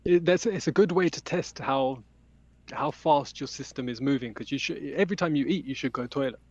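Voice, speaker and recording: A man's voice: mid-range voice, a little fast, no echo. A man, a podcast guest, explaining health matters at length in casual chat. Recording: dry, dull lo-fi sound.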